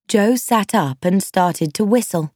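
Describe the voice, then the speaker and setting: A woman reads a simple storybook aloud, slowly and clearly. Her voice rises and falls in a lively way, and the recording is dry and close. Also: medium pitch, no echo. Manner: slow, clear and expressive. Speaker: narrator. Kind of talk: storybook narration for learners.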